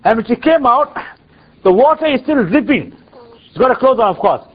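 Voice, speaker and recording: A male preacher tells a sermon story in a dramatic, animated way. His voice is high, husky and swoops widely. The recording sounds dull and lo-fi. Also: normal speed. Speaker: preacher and teacher.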